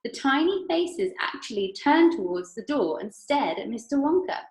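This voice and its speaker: Lively English woman reading aloud. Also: high voice, normal speed, reverberant. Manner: lively, expressive. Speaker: primary school teacher. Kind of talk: reading a story aloud to children.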